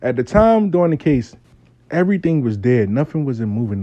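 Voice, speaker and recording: A man's voice: mid-range voice, very animated, a little fast, no room sound, muffled recording. A man telling a story in a casual, profane, streetwise way, speaking as host.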